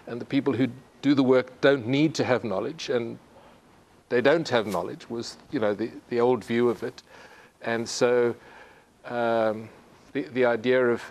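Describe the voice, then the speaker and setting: A middle-aged man from Africa, giving a conversational lecture full of halting restarts. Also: mid-range voice. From South Africa. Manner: halting, frequent restarts and repeated words. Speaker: university presenter.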